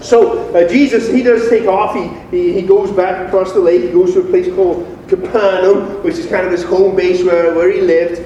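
A high-voiced male pastor gives a loose, lively sermon. He sounds far from the mic, his voice bouncing around a big, very echoey hall with a faint background hiss. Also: normal speed, hardly any pauses, muffled recording. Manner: animated and informal, acts out quoted voices. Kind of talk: casual conversational sermon.

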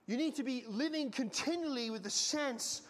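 Man, middle-aged, pastor, preaching, high-pitched, dramatic storytelling, echoing church hall. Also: normal speed, a little hiss or hum. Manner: dramatic storytelling, swinging from loud to hushed. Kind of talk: sermon. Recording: long reverb of a large hall.

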